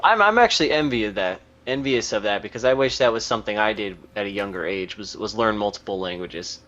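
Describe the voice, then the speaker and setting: Lively-voiced man on a dull recording. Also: lowish voice, fast talker. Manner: lively, laughs often. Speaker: podcast co-host. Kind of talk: casual chat. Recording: dull lo-fi audio.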